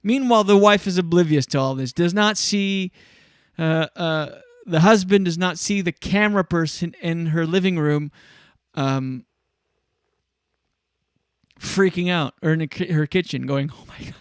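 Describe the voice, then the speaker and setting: With a smooth, high voice at a measured pace, this man hosts a show and talks solo in a relaxed way. The recording is dry and studio quality. His storytelling is animated, and he brings the characters to life by acting out what they said.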